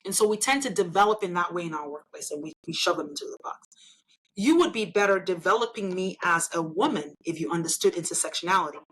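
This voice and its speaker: A woman's voice: fairly low pitch, expressive, fast, fairly bright tone, breathy edge, low-quality recording. Woman, interview guest, emphatic and persuasive delivery. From Nigeria. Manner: emphatic, persuasive, often tags points with "right?". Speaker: interview guest, engineer and elected official. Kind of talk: conversational interview.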